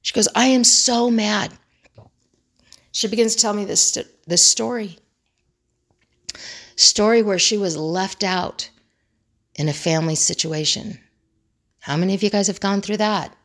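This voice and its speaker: A woman's voice: mid-range voice, normal speed, long pauses, a bit bright. A woman who trains people in crisis communication gives a motivational teaching talk, earnestly repeating her key phrases for emphasis.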